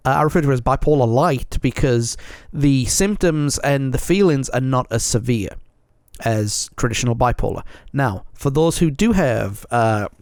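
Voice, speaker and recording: Male solo podcast host, earnest and rambling, mid-pitched, dry close sound. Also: moderate pace, darkish tone, dry recording. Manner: rambling, repeats himself, keeps checking in with "okay?"; frank and earnest. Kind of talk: solo confessional podcast monologue.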